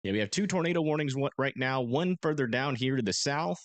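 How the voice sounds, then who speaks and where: A young man hosting a live storm-tracking stream, talking casually and haltingly with many fillers as he reads radar. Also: medium pitch, expressive, dry recording. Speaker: storm-tracking livestream host. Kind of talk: live weather commentary.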